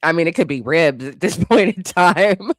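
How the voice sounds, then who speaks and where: A woman's voice: on the low side, expressive, normal speed, no room sound, studio quality. A young woman hosting a casual livestream, reading chat guesses aloud, laughing often and teasing with casual swearing.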